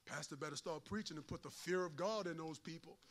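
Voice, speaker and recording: In a slightly high, brisk voice, a pastor gives a sermon full of folksy humor. His delivery has a sing-song cadence that rises to shouts and drops into quiet asides.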